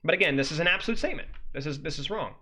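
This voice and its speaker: A man with a fairly high, bright, pressed voice, reviewing a game guide on stream like a coach. He talks it through casually but keeps tipping into exasperated rants and disbelieving outbursts. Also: expressive, very fast, husky. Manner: exasperated, ranting critique with sudden incredulous outbursts.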